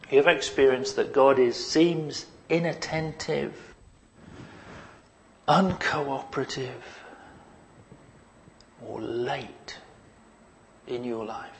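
A man preaching a sermon to his congregation. He is animated, asks rhetorical questions, and drops in humorous asides. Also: mid-range voice, slow pace, long pauses, slight background noise.

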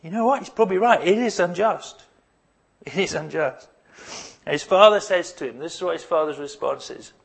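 A man's voice: a little high, brisk, gravelly, slightly rough. A man preaching a sermon, putting emphatic rhetorical questions to his congregation. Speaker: pastor.

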